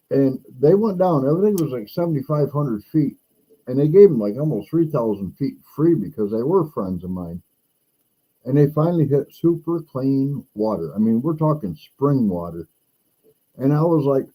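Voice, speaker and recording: Middle-aged guy with a real warm low-key voice just telling a long story, doing everyone's lines. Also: moderate pace, slightly rough, poor audio. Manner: animated, acts out quoted voices higher; rambling with restarts. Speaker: podcast host. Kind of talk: casual storytelling.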